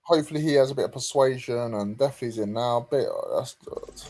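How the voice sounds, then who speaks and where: Hosting a laid-back livestream, a man reads out comments from viewers, chatting along with frequent hesitant ums. He speaks briskly in a mid-range voice with a darkish tone.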